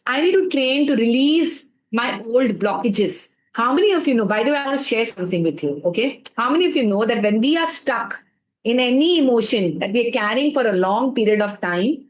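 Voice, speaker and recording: A woman's voice: fairly high pitch, roomy sound, low-quality recording. A woman with an Indian English accent, coaching a live stream audience and often asking the chat to reply, slipping Hindi phrases into her English. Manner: asks the chat for replies over and over. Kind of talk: motivational live stream talk.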